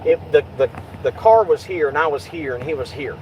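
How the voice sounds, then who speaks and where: A man's voice: fairly high pitch, a little fast, a little hiss or hum, low-quality recording. Heated man venting in a car. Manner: agitated, swearing, reenacts quotes loudly. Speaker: YouTube channel host. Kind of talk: casual vlog chat in a car.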